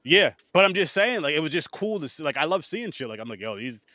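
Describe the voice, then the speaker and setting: A man co-hosting a film podcast, talking excitedly and swearing freely in casual chat. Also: fairly high pitch, fast, no room sound. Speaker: podcast co-host.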